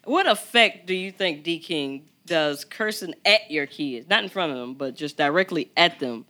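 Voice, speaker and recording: A podcast host in casual chat who gives theatrical, animated introductions. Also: mid-range voice, normal speed.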